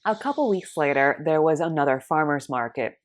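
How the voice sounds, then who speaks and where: A woman tells a personal testimony, animated and lively. Her voice sits a little low and she slips into voices for the dialogue. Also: brisk. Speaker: storyteller.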